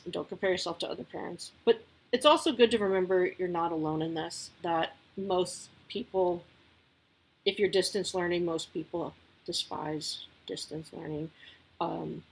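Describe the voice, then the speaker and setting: A woman's voice: lowish voice, steady tone, normal speed, creaky, breathy edge, rough recording. A woman talking casually as a parent sharing advice, candid and chatty with lots of asides.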